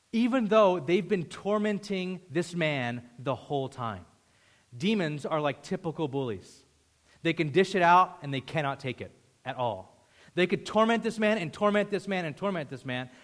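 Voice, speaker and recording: Male pastor, slightly high voice, punchy sermon delivery with casual asides, long hall reverb. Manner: emphatic preaching, swinging between loud and hushed; conversational storytelling asides.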